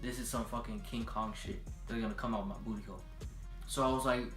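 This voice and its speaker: A young man telling a story in a casual vlog, profane and animated, acting out every voice. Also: mid-range voice, quick pace, echoey room, soft background music.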